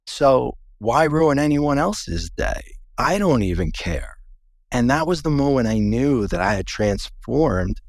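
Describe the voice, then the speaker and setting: Gravelly-voiced man telling his story. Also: medium pitch, big pitch swings, takes it slowly, no room sound, studio quality. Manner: earnest, conversational, restarts mid-sentence. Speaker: guest. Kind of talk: personal storytelling interview.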